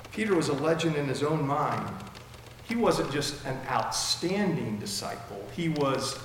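A man preaching a sermon emphatically, with sudden swings between loud and soft, while his mouth keeps going dry. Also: mid-range voice, expressive, a little slow, a little hiss or hum. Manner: emphatic, with dramatic swings in loudness. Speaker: pastor. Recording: echoey hall with long reverb.

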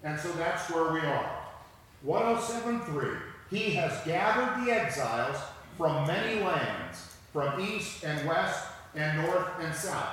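A man preaching a sermon and reading scripture aloud, slow and emphatic, repeating key phrases. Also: a little high, big pitch swings, fairly bright tone. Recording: echoey hall with long reverb.

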